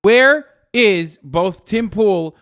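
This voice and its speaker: A man's voice: high-pitched, animated, extremely slow, fairly bright tone. A man streaming a reaction video, ranting heatedly and profanely and tripping over his words. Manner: profane, ranting, talks over himself with restarts. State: agitated, at times shouting.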